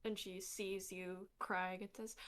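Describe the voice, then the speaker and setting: A woman with a bright voice plays in a tabletop game. She speaks tentatively and stops to weigh her choices. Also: medium pitch, little pitch movement, a little slow. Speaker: player.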